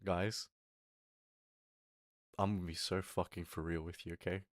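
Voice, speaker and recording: A young man streamer telling a story in a casual rant, animated and swearing, acting out what people said. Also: low-pitched, unhurried, no echo, clean studio sound.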